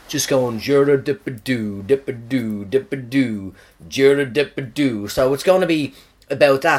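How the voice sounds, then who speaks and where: A man, a comedian, chatting casually in a rambling, profane, digressive way. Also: a little high. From Ireland. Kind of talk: casual chat.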